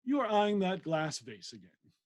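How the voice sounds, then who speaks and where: A man's voice: high voice, very animated, normal speed, pitched above the performer's own voice, low-quality recording. A man reading as a wry, teasing country vicar. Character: genial middle-aged male country vicar and naturalist.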